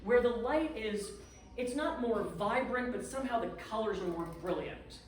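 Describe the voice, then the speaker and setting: A woman's voice: fairly high pitch, expressive, normal speed. A woman guest speaker telling a dramatic, self-mocking story to a live audience at a clubhouse event. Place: community clubhouse event room. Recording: echoey room, far from the mic.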